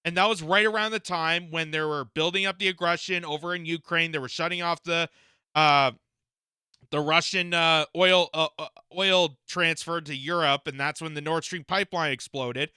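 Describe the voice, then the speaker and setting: A man's voice: fairly high pitch, fairly even intonation, moderate pace, bright, forceful tone, clean tone, no room sound, studio quality. A man from Canada giving indignant reaction commentary, firing off rhetorical questions with frequent fillers. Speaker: political commentator.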